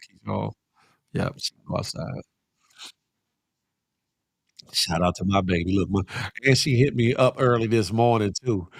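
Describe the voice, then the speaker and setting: A middle-aged man hosting a casual live morning show, animated and slangy, calling out chat names and preaching a little. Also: mid-range voice, vocal fry, no room sound, clean studio sound. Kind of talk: casual live-stream chat reading viewer comments.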